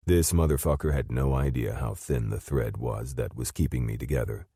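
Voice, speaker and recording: A man narrating a first-person audiobook in a steady, low-key way, with blunt profanity. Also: normal speed, vocal fry, breathy edge, dry recording, clean studio sound.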